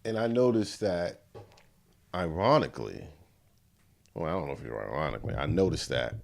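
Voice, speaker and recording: Deep gravelly male podcast host. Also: normal speed. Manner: relaxed, asks short questions. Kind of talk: casual interview. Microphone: studio podcast mic.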